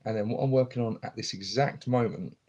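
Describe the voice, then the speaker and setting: Hushed, gravelly man. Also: on the low side, brisk. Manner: speaking quietly, chatty and rambling with frequent ums. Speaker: hobby streamer. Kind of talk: casual live-stream chat. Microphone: phone camera.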